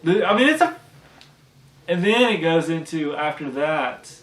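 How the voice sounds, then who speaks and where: A man's voice: a little high, animated, measured pace, a bit bright. A man on a podcast casually recapping a cartoon episode, rambling with many restarts. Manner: rambling, restarts a lot, acts out character quotes. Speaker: podcast co-host. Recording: echoey room, mic at a distance.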